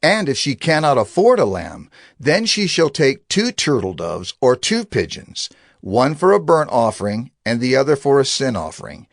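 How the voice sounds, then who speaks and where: A man giving a measured, expressive scripted narration of scripture. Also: mid-range voice, gravelly, no echo, studio quality.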